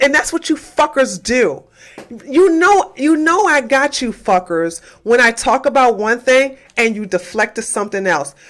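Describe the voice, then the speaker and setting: A woman hosting a livestream goes on a heated rant, taunting her chat and hammering the same questions over and over. Her high voice sounds bright and tense, and her combative talk is thick with profanity.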